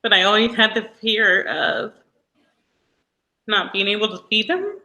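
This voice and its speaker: Woman guest on a video call, bright tone, hesitant and tearful. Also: medium pitch, sing-song, unhurried, poor audio. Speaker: teacher and interview guest. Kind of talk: personal interview.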